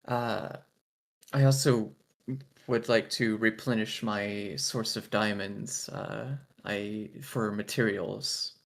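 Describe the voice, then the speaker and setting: Slow, gravelly-voiced man player. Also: lowish voice, steady tone. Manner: slow, halting, many fillers. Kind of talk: tabletop game chat.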